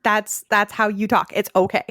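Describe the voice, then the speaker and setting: A woman's voice: mid-range voice, flat delivery, moderate pace, a bit bright, dry recording, studio quality. A woman co-hosting a podcast, chatting casually and playfully with lots of "like" fillers as she recaps a TV episode. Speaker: podcast co-host.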